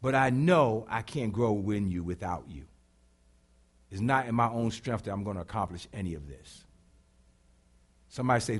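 A pastor preaching with call-and-response, animated and bursting into shouts. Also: male voice, mid-range voice, normal speed, long pauses. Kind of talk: sermon.

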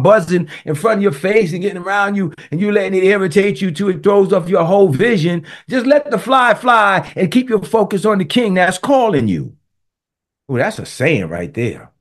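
A man in his sixties giving an emphatic devotional talk, repeating himself and addressing listeners directly. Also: high-pitched. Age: 60s. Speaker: preacher.

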